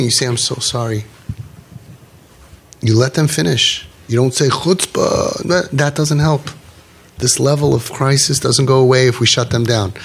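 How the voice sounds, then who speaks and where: A man coaching parents in an inspirational talk, telling stories and repeating key phrases with emphasis. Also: mid-range voice.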